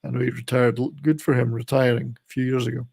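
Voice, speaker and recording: Gravelly older man chatting. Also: medium pitch, flat delivery, fast, a little mellow. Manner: rambling, chatty, laughs at own jokes. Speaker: channel host. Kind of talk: casual live-stream chat.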